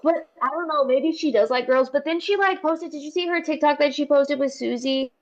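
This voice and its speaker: A woman's voice: high voice, a little fast, dull audio. A woman in casual podcast chat who swears freely and laughs often. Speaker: podcast co-host.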